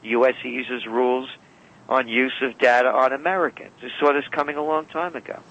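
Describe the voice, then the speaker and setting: Bright-voiced man telling rambling stories. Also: mid-range voice, steady tone, fairly quick, highs cut off. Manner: rambling, self-correcting anecdotes. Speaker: guest. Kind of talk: storytelling interview talk. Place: radio call-in or studio.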